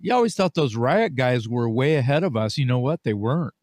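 A man's voice: mid-range voice, lively intonation, fairly quick, darkish tone, no room sound. A man co-hosting an interview, talking casually and with enthusiasm, swearing freely. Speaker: co-host.

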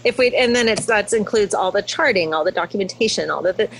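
A woman's voice: mid-range voice, quick pace, vocal fry, breathy edge. A woman guest on a podcast, a hospitalist, chatting casually and telling stories with frequent laughs. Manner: chatty, laughs often, emotional storytelling.

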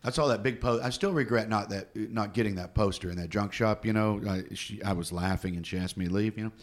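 A man co-hosting a casual chat, rambling and animated as he tells stories and laughs. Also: lowish voice, a little fast.

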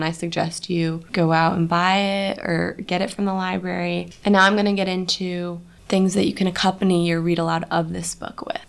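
A young woman hosting a podcast for parents in a recording studio, explaining read-aloud tips in an animated way. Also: lowish voice, creaky. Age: young adult. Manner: animated, bursts into dramatic read-aloud voices. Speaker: podcast host. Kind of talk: instructive podcast talk for parents.

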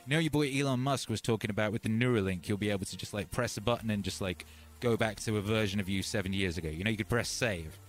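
A man's voice: lowish voice, quick pace. A man hosting a live music stream, rambling in casual chat and calling out to viewers as brothers and sisters.

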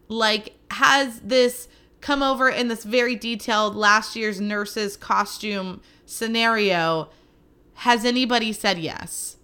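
A woman around thirty hosting a podcast, chatting casually and telling animated stories with quick asides. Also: on the high side. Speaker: podcast host. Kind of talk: casual solo podcast chat.

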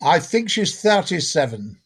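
An older man from Scotland spins comic anecdotes on a podcast in a high, husky voice. He tells his stories theatrically, playing up every joke. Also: very animated, measured pace. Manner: theatrical, jokey storyteller. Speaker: podcast guest. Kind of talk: comic storytelling chat.

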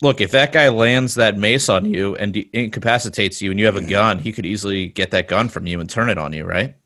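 A man's voice: lowish voice, a little fast, a bit bright, no echo. A man chatting casually with friends, hesitant with many fillers. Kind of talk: casual chat.

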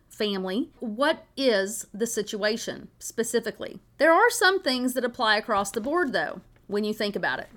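A woman's voice: on the high side, a bit bright. A woman from Tennessee hosts a motivational podcast, telling folksy stories and asking rhetorical questions in an upbeat way. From Tennessee, USA. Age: adult with children. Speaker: podcast host.

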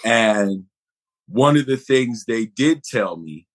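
Male guest actor, middle-aged, from Buffalo; lively anecdotal storyteller who slips into impressions. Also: mid-range voice, slow pace. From Buffalo, New York. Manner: animated, acts out others' voices in anecdotes. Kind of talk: conversational storytelling.

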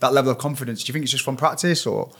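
Podcast host: a man who talks quickly and asks eager, enthusiastic questions. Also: mid-range voice, a bit bright. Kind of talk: podcast interview.

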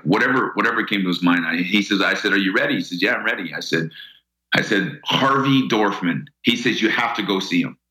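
A man's voice: low-pitched, bright, forceful tone, roomy sound, poor audio. A middle-aged man telling an earnest personal story as an interview guest, often repeating words as he starts a sentence.

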